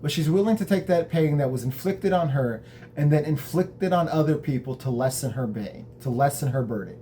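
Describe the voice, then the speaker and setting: A man's voice: a little high, lively intonation, brisk, warm tone, slight background noise. A man hosting a show, casually recapping a TV episode in a conversational, reflective way, with the odd swear word.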